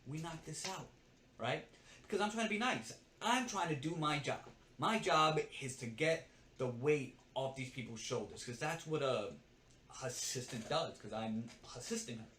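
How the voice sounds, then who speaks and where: A man's voice: medium pitch, lively intonation, moderate pace, fairly bright tone, slight background noise. A young man vlogging, casually and animatedly telling a story about a bad job, swearing and often checking in with "right?". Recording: roomy with faint ambience.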